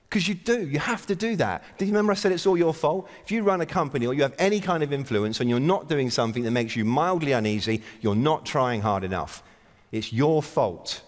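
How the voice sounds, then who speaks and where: A man's voice: fairly high pitch, expressive, brisk. Wry man speaking in a hall. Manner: wry, self-deprecating, exhorting the audience. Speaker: keynote speaker. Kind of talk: conference opening address. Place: large conference hall stage. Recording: long reverb of a big hall.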